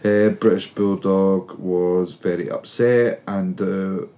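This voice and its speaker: A man with a Scottish accent co-hosting a casual podcast, talking haltingly with many fillers and self-corrections. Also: sits low, fairly even intonation, warm tone. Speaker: podcast co-host. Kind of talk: casual chat reviewing wrestling.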